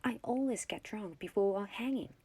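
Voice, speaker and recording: A woman voicing a leering, drunk male sheriff with a slow drawl, in a whispered role-play. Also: mid-range voice, warm tone, husky, close to an everyday voice.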